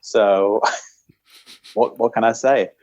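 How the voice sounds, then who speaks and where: A man's voice: lowish voice, steady tone, drawn-out words, a little mellow, no echo. A man who is a guest author, chatting casually and modestly with laughing asides. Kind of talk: casual podcast chat.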